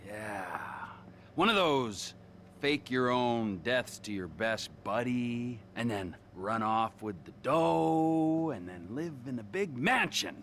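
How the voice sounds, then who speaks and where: A mocking, unstable criminal. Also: male voice, mid-range voice, lively intonation, fairly bright tone, slight background noise. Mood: sarcastic. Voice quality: mocking, drawn-out sarcasm with sudden whispers. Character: volatile sarcastic male criminal, middle-aged. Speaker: criminal old friend returning from the past. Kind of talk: video game cutscene acting.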